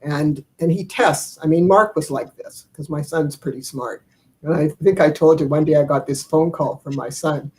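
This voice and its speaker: A woman's voice: deep voice, a little fast, a little mellow, slight background noise, low-quality recording. An older woman talks over a video call, spinning family anecdotes in a loose, rambling way. She chuckles between thoughts and leans on plenty of fillers. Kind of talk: casual storytelling chat.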